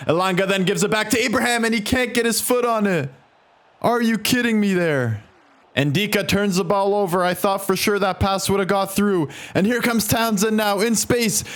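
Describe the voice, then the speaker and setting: A young man narrates his football video game career in a fairly high voice. He calls the action like a commentator and swings between calm setup and excited or exasperated reactions when goals go in. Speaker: gaming commentator.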